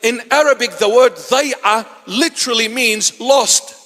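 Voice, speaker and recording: A man, a bishop and native Assyrian speaker, preaching a sermon in a church, animated, with teasing asides to his congregation. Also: extremely high pitch, moderate pace, long reverb tail.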